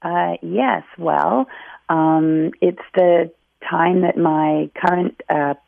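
Woman caller, gravelly fry, thin phone sound, kinda hesitant, lots of um and uh. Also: lowish voice, drawn-out words, no room sound. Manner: hesitant, many fillers. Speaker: caller, comedy performer. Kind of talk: phone call to a radio show. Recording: tinny phone line.

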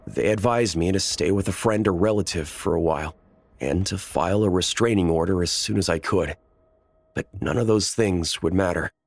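A man narrating a first-person horror story in a measured, tense storytelling manner. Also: low voice, vocal fry.

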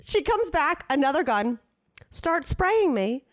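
A woman co-host telling a story in casual podcast chat, with a fairly high voice that swoops up and down a lot. She is animated, acts out what people said in changed voices, and swears casually. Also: takes it slowly.

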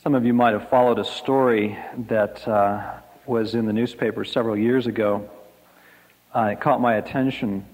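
A male preacher delivering a sermon in a measured, reflective manner, stopping briefly to gather his thoughts. His voice sits a little low. The sound carries the long reverb of a big hall. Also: steady tone, darkish tone.

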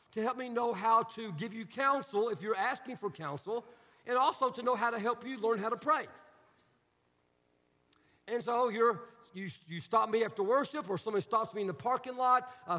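Middle-aged male preacher, very high bright voice, sarcastic and animated, long church-hall reverb. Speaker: pastor. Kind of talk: sermon.

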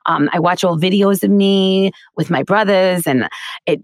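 In an unhurried, fairly low voice, a middle-aged woman from Queens with a faint New York accent tells stories during a casual interview. A voice actor and teacher, she's a chatty, animated storyteller who laughs often. The sound is dry and of studio quality.

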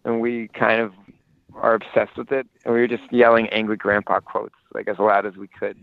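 A man's voice: lowish voice, completely flat delivery, moderate pace, vocal fry, no room sound. Young man rambling over a tinny phone line. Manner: rambling storytelling with many restarts. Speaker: caller. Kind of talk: casual phone chat.

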